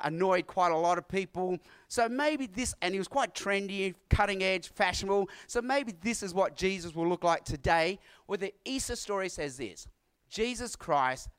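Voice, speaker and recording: A middle-aged man preaching an earnest sermon, repeating key lines with dramatic pauses. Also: a little high, fairly bright tone. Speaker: pastor.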